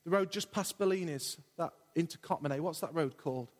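A man's voice: fairly high pitch, fairly quick. A man preaching a sermon in a church, impassioned and repetitive in his delivery. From England. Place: large church hall. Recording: long church hall reverb.

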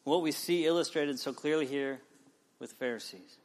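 A man in his forties, a pastor, preaching a sermon and telling a personal story with lively swings from loud to quiet. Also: normal speed. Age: 40s. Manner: storytelling with wide swings in pitch and loudness.

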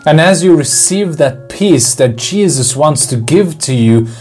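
A man with a fairly high voice delivers a devotional sermon over faint instrumental music. He talks earnestly and pleads with his listeners through rhetorical questions. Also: lively intonation, a little slow, darkish tone. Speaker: devotional speaker.

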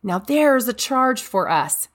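A woman who is a mother, giving an earnest, emphatic devotional talk with a warm manner. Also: fairly high pitch, very animated, slow pace. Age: adult mother. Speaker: speaker.

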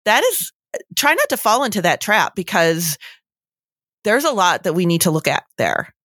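A young adult woman talks through infant feeding in an earnest, chatty way, breaking into little quoted asides. Her voice sits a touch low and the sound is close and dry, with no room around it. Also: sing-song, moderate pace, fairly bright tone, dry recording. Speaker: breastfeeding expert guest. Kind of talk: casual advice chat.

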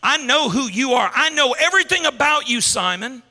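A man's voice: very high-pitched, lively intonation, normal speed, sharp tone, full character voice. A man voicing a male teacher who speaks emphatically to a follower, repeating his words for weight. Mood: affirming. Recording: long hall reverb.

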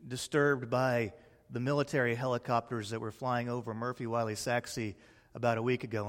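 A pastor, preaching a sermon with slow emphatic pauses and a hush at key lines. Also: male voice, mid-range voice, big-room sound.

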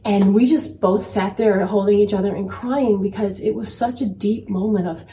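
Woman, thirties, earnest faith-based parenting chat, mellow tone, set back from the mic. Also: mid-range voice, fairly even intonation, normal speed, few pauses. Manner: earnest, storytelling, repeats phrases for emphasis. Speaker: podcast co-host. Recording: roomy, distant mic, faint background noise.

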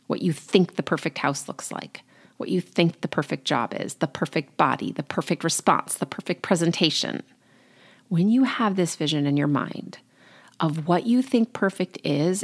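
A woman life coach talking through a solo podcast episode in an encouraging, conversational way, with casual fillers. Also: fairly low pitch.

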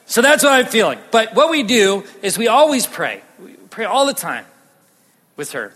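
A man with a high voice preaches a sermon in a large church hall. He is out of breath and animated, jumping from loud bursts to hushed lines. His voice trails off in a long, ringing reverb. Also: normal speed. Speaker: pastor.

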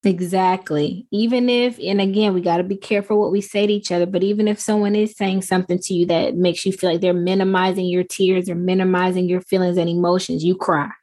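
A woman's voice: fairly low pitch, a little fast, hardly any pauses. Emphatic woman podcast co-host. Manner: emphatic and expressive, with frequent affirmations. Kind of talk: casual chat.

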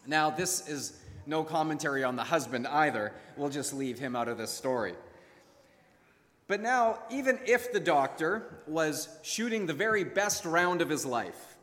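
A man's voice: fairly high pitch, animated, a little slow, a bit bright, in a large hall. A man preaching a sermon as pastor, telling a story and acting out its characters' voices.

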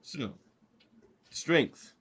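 A man's voice: very slow, a bit bright. A man co-hosting a casual podcast chat, reading out categories and laughing easily. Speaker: podcast co-host.

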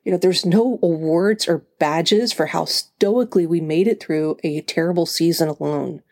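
Earnest woman with a low, gravelly voice. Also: normal speed, mellow. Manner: earnest, conversational, acts out quotes in a higher voice. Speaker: podcast host. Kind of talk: personal faith talk.

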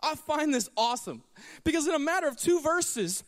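A male pastor preaching in a church, his fairly high voice swinging widely up and down as he tells stories and acts out what people say. A long hall reverb trails behind his words. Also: moderate pace. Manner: animated storytelling, acting out quoted lines. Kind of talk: sermon. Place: church sanctuary.

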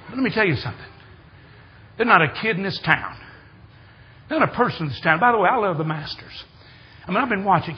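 Older preacher, very husky, high voice, folksy sermon that climbs to excited shouting. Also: male voice, highs cut off. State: hard of hearing. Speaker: guest preacher. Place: church sanctuary.

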